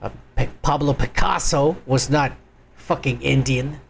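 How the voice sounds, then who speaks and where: Heavy background noise sits under this livestream host's medium-pitched voice, which is a little slow and carries vocal fry. He mocks the clips he reacts to in crude, loud, profane remarks, talking directly to his viewers.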